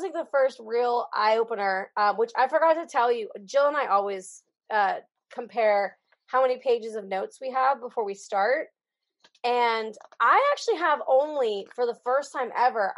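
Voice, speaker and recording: High-voiced chatty woman. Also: lively intonation, normal speed. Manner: chatty, rambling, searches for words. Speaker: podcast co-host. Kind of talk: casual chat.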